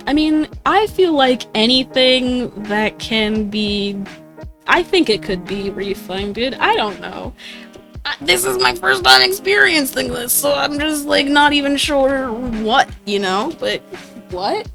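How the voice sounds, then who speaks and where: Slow-talking giggly young woman streamer. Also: lively intonation, vocal fry, over music. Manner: giggly, swears casually, voices others in high squeaks. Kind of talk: casual livestream chat.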